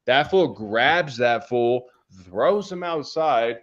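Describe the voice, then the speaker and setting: A man's voice: medium pitch, lively intonation, slow, dull audio. Laid-back rambling man telling a story. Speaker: podcast co-host. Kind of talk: casual storytelling.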